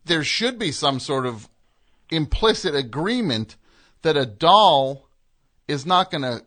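A man's voice: on the high side, very animated, takes it slowly, a bit bright. A man hosting a comedic call-in radio show, dry and skeptical with short replies. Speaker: radio host.

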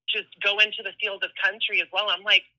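A young woman on the phone, gushing with excitement and tripping over her words. Her voice is sharp and tense, carried by a phone line. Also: medium pitch, fast talker. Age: young adult. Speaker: caller. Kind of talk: phone call.

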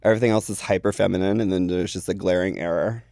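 A low-pitched young man chats casually as a podcast guest, telling stories full of swearing and voiced quotes. The sound is dry and close. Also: steady tone, fast, vocal fry, warm tone, no room sound. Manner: chatty storyteller, swears freely, acts out quotes. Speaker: podcast guest, drag performer. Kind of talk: casual chat.

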